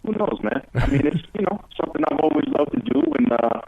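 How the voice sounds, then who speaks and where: A man who is a guest actor and author, speaking in a relaxed, hesitant way with many fillers during an interview. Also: fairly high pitch, fast talker, slightly rough. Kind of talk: interview by phone. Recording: tinny phone line.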